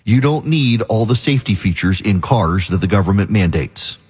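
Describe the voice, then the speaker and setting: A man's voice: fairly low pitch, animated, normal speed, a little mellow, husky. A man hosting a talk radio show, delivering an opinionated, emphatic monologue.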